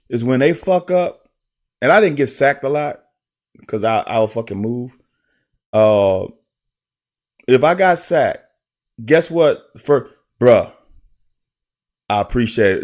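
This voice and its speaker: A young man, a former player, casually breaking down game film and telling profane, animated stories with quick laughs. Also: mid-range voice. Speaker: football analyst.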